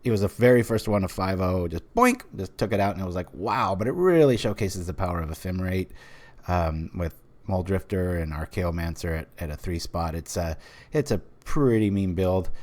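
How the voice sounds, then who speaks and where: A man's voice: low voice, brisk, a little mellow. A man from the United States, casually commenting while streaming a card game, rambling with many fillers.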